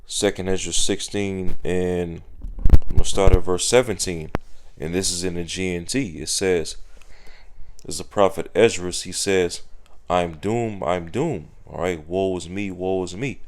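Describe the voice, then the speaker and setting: Deep-voiced man preaching with emphatic fillers. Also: flat delivery, moderate pace, noisy background. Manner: emphatic, with frequent "okay" and "you know" fillers. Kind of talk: sermon with scripture reading.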